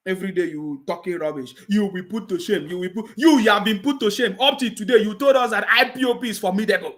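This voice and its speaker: A man's voice: high-pitched, fast talker, hardly any pauses, a bit bright. A man with a Nigerian English accent hosting a live stream, reading viewer comments and scolding his critics with repeated mocking taunts. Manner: reads viewer comments aloud.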